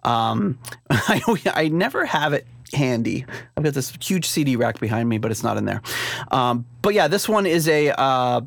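A man's voice: mid-range voice, very animated, moderate pace, gravelly, no room sound, studio quality. A man hosting a casual podcast live stream, rambling with lots of fillers and laughing easily, recorded at home. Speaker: podcast host. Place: home room with a CD rack.

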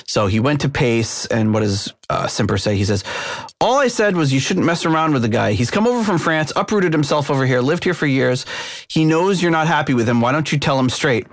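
A man's voice: medium pitch, big pitch swings, a little fast, no room sound. Man reading band history, dry close mic. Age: middle-aged or older. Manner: reads quotes aloud with fillers and laughs. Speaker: podcast host. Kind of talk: casual chat, reading band history aloud.

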